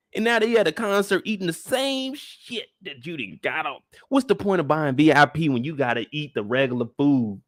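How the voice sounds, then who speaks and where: A man hosting a casual live after-show discussion, ranting comedically with heavy slang and swearing, and jumping into loud voices for the people he quotes. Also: sits high, moderate pace. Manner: animated, comedic rant with lots of slang and swearing. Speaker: show reaction host.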